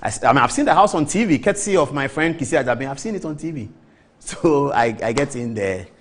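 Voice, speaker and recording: A Ghanaian man in his forties spins a story on a television talk show. His pitch swings widely as he slips into the voices of the people in it. He sits at a middle pitch for a man. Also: fast. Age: 40s. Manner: lively storyteller who mimics the people he quotes. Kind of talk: animated anecdote on a TV talk show.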